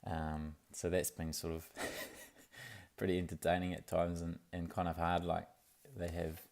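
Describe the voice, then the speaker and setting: This is a young man, chatting to camera in a casual video diary. His voice sits very low and gravelly, with little rise and fall, and he rambles along easily with plenty of fillers. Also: completely flat delivery, unhurried, a little mellow. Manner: laid-back and rambling, with many fillers and restarts. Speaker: vlogger.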